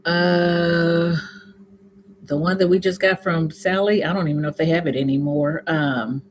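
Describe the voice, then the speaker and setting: A woman with a Southern US accent, chatting casually with viewers on a live stream, reading comments aloud and answering them with sudden high, laughing exclamations. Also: fairly even intonation, measured pace, a little hiss or hum. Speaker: YouTube host answering live chat.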